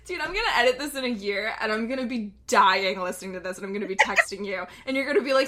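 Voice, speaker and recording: A woman's voice: mid-range voice, fast, hardly any pauses, noisy background. A young woman co-hosting a casual podcast, rambling through stories with lots of giggling. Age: young adult. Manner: giggly, rambling storytelling with frequent laughter. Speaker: podcast co-host. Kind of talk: casual chat.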